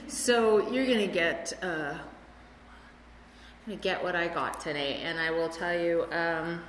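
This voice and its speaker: Chatty speaker in an echoey hall. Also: female voice, lowish voice, moderate pace, fairly bright tone, a little hiss or hum. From Chicago. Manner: chatty, rambling with many fillers. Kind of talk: recovery meeting share. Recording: echoey hall with room ambience.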